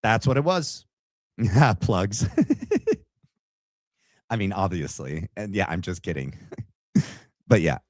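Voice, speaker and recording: Sarcastic, low-voiced male commentator. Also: very animated, slow, long pauses, dry recording, studio quality. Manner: sarcastic, rambling, mocking. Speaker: commentary show host. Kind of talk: casual reaction commentary.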